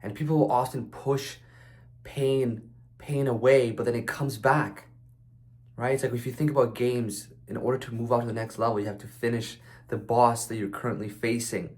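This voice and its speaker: A man's voice: medium pitch, fairly even intonation, normal speed, darkish tone. A man giving a casual motivational monologue, loose and conversational, with frequent fillers and restarts and some blunt swearing. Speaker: speaker sharing life advice.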